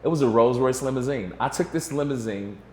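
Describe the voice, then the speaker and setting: Man, forties, interview guest, casual rambling storytelling, lots of fillers, mid pitch, echoey room. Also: fairly quick, darkish tone. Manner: rambling, filler-heavy, restarts with "you know". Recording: roomy echo.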